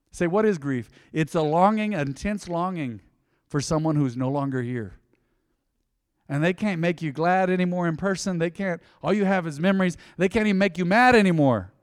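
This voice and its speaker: A man's voice: on the high side, no room sound, studio quality, long reverb tail. A man preaching a sermon as a pastor, folksy and conversational, often acting out little back-and-forth dialogues.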